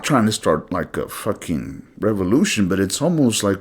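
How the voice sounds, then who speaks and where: A man's voice: fairly low pitch, big pitch swings, normal speed, hardly any pauses, husky. A man hosting his own channel, delivering a blunt, profane solo monologue. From United States. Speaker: channel host.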